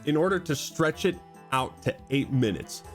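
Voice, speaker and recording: Man, ranting commentary, sarcastic, lively swinging pitch, faint music behind. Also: moderate pace. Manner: sarcastic, indignant, swearing. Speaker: video commentator.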